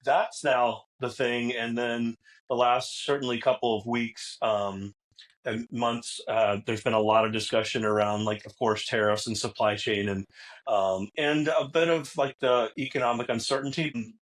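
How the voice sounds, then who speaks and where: A man speaks as a podcast guest, relaxed and conversational. His voice sits at an ordinary middle pitch. He talks loosely and often pauses to rephrase. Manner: relaxed, many fillers and restarts. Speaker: guest, technology executive. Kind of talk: casual interview talk.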